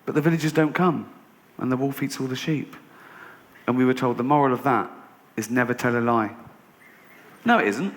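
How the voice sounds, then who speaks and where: An English man performing a stand-up comedy routine on a theatre stage, telling stories deadpan and then ranting in disbelief. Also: medium pitch, fairly quick. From England. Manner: storytelling, deadpan then rising to incredulous rants. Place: theatre stage with a laughing audience. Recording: noisy live venue recording.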